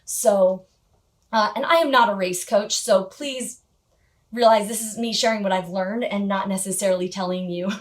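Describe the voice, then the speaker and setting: A woman's voice: medium pitch, moderate pace. A woman vlogger telling a personal story in a casual, chatty way, with frequent little laughs and filler words. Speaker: motorcycle gear vlogger.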